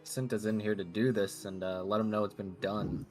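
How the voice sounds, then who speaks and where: Laid-back player, low-voiced man, offhand in-character talk. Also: fairly even intonation, normal speed, a little mellow, faint music behind. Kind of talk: casual in-character tabletop play.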